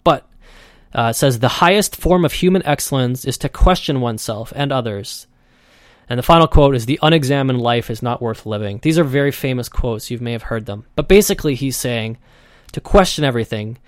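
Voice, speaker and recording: A man's voice: medium pitch, lively intonation, brisk, dry recording. A man hosting his own podcast, talking loosely and conversationally and acting out the voices he quotes. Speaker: podcast host. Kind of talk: casual solo podcast monologue.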